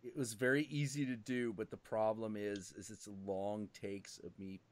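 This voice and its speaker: A man's voice: on the low side, normal speed. A man hosting a livestream, chatting casually and swearing often. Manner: animated, swears often, bursts into shouted impressions. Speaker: stream host.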